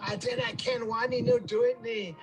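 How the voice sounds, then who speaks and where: A man puts on a stern Scottish army officer in a recorded clip. The voice sits high and bursts out in sudden exclamations. Music plays clearly behind him. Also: very animated, normal speed, full character voice. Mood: exclaiming.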